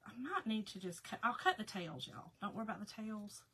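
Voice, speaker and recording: A woman's voice: mid-range voice, lively intonation, fairly quick, bright, forceful tone, breathy edge. A woman hosting a casual live crafting chat, talking to viewers by name and laughing often. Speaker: craft livestream host.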